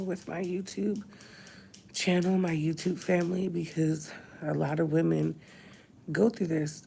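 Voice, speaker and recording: A woman's voice: deep voice, vocal fry, mellow, slight background noise. A woman in her thirties crying as she talks in a confessional vlog, her voice breaking into whispers and sighs. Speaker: vlogger. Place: hospital room.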